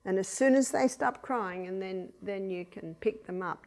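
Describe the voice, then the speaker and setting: A woman's voice: medium pitch, normal speed, gravelly. Older Australian woman giving practical talk. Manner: anecdotal, chuckling, acts out quiet commands to babies. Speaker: speaker on child rearing. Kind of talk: lecture to an audience.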